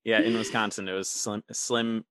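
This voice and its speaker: A man chatting as a guest on a casual movie podcast, cracking quick jokes. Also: lowish voice, little pitch movement, fairly bright tone, no echo, studio quality. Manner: joking, quick wisecracks.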